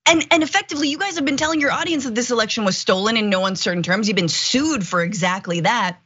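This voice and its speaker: A woman co-hosting a political commentary show, animated, indignant and sarcastic. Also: on the high side, fast, husky, dull audio. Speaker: co-host.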